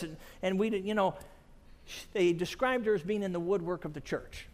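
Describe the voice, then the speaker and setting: A man's voice: sits high, moderate pace, big-room sound. A man preaching a sermon at a conference, telling stories and chuckling often. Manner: storytelling with frequent chuckles. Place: large conference hall.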